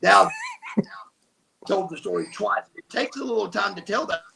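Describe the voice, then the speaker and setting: In a noisy setting, an older man with a high, creaky, animated voice speaks a little slowly. As a former-wrestler interview guest, he tells stories emphatically, acting out what people said.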